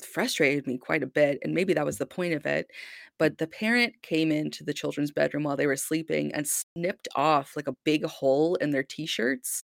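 Exasperated gravelly podcaster. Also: mid-range voice, normal speed, no room sound, studio quality. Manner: animated storytelling, exasperated and swearing. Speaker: podcast co-host. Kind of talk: casual podcast chat.

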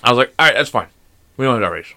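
Animated, swearing man telling stories. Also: medium pitch, rapid-fire. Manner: animated storytelling, swears a lot. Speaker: podcast host. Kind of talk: casual podcast chat.

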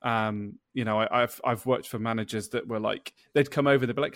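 A man's voice: mid-range voice, quick pace, few pauses, no room sound, studio quality. Chatty man hosting a podcast. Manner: chatty storyteller who acts out quoted dialogue. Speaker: podcast host. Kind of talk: casual podcast chat.

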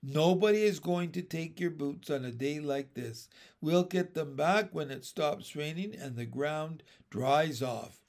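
A man voicing a gentle kindergarten teacher. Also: a little high, measured pace, hardly any pauses. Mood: reassuring. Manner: gentle, reassuring. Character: kind patient female kindergarten teacher.

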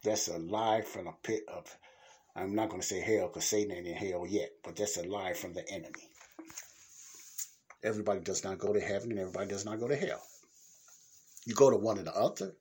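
A man's voice: deep voice, fairly quick, long pauses, dark tone, slightly rough. A man hosting his own podcast, giving a blunt, plain-spoken Christian teaching in a casual talk. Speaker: podcast host.

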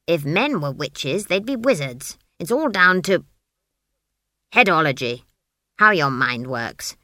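A hard old witch speaks bluntly and scornfully, put on by a woman reading the book aloud. Her low voice rises and falls a great deal, heard close in a dry room. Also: big pitch swings, takes it slowly, sharp tone, no echo, full character voice.

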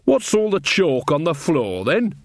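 A rambling, folksy old witch woman, as a male reader puts her on, chatty and a bit coarse. Her voice sits higher than the reader's own and swings about in pitch. It is recorded dry and close, as in a storybook reading. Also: very animated, a little slow, no room sound. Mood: gossipy, flustered.

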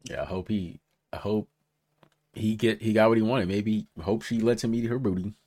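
A man's voice: on the low side, moderate pace, darkish tone, no room sound. A man co-hosting a podcast in casual chat, reacting bluntly and swearing casually. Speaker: podcast co-host.

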